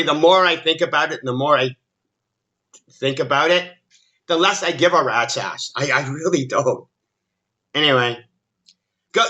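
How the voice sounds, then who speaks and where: A man rants in a fairly high voice with a hard, bright edge. He is sarcastic and exasperated, often stumbling over repeated words as he talks straight to his viewers. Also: muffled recording. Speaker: commentary channel host. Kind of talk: ranting video commentary.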